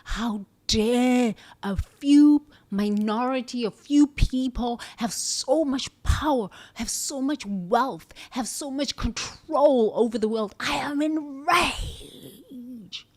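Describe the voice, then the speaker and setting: A woman's voice: mid-range voice, very slow, hardly any pauses, darkish tone, husky. A woman voicing an angry, overworked worker who vents raw, emphatic rage about being used and abandoned. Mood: enraged.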